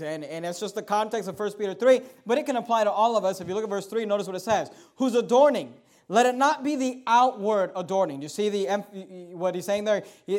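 A man with a high voice delivers a sermon. He reads scripture at a slow, deliberate pace. He drops to quiet asides, then pushes his points louder and with more force. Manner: emphatic, swings between quiet and loud, reads scripture slowly. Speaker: preacher.

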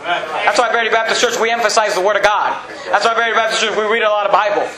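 High-voiced, fiery male preacher. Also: fast talker, roomy sound, crowd noise, low-quality recording. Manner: emphatic, shouting preacher. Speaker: pastor. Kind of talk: fiery sermon.

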